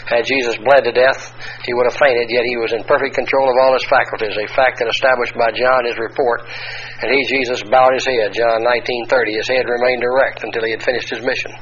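A male preacher working through scripture in a measured teaching sermon, stopping to spell out Greek terms one letter at a time. The recording is muffled and lo-fi, with a faint hiss underneath. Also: mid-range voice, little pitch movement, fairly bright tone. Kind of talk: expository Bible teaching sermon.

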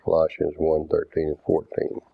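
Very deep flat-voiced man preaching. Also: creaky, slightly rough. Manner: deliberate, didactic, reads verses aloud. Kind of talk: doctrinal sermon with scripture readings. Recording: tinny phone-like dry sound.

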